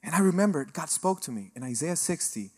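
A middle-aged man from Mexico giving a sermon testimony, telling his story with animated energy and acting out the voices he quotes. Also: a little high, fairly quick. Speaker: guest speaker sharing testimony.

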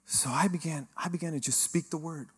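A middle-aged man from Mexico giving a sermon testimony, telling his story with animated energy and acting out the voices he quotes. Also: fairly high pitch, a little fast, breathy edge. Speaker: guest speaker sharing testimony.

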